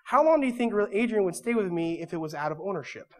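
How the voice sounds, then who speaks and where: A male pastor delivering a sermon in a church, moving from quiet storytelling to loud, emphatic preaching. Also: sits high, expressive, fast talker.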